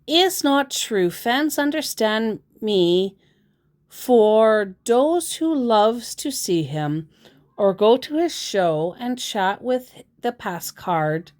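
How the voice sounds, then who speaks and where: A woman's voice: on the high side, very animated, darkish tone, pitched above the performer's own voice, full character voice. A woman reading out a pushy male scammer in broken English. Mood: insistent. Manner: broken English, insistent, drawn-out delivery. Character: pushy male scammer posing as a star's assistant.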